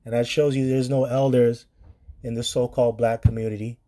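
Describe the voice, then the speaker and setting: A man's voice: mid-range voice, little pitch movement, fairly quick, warm tone. A man preaching on scripture in a blunt, profane commentary style, reading verses aloud and reacting to them.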